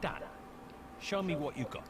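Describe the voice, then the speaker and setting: A man's voice: fairly high pitch, expressive, moderate pace. An actor playing a sarcastic, self-centred young male bard hero in a video game, talking in a sardonic, mocking way. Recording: game audio under loud noise.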